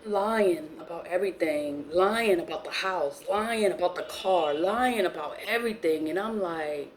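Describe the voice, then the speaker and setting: A woman vlogger delivers a casual storytime rant, profane and animated. She laughs often, and her voice leaps high whenever she stresses a point. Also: measured pace, slight background noise. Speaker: vlogger who sells spiritual goods online.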